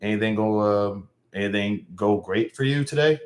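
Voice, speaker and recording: A young man with a somewhat low voice talks loosely to his livestream chat. He rambles in halting bursts, restarting sentences and trailing off with sighs. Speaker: live streamer.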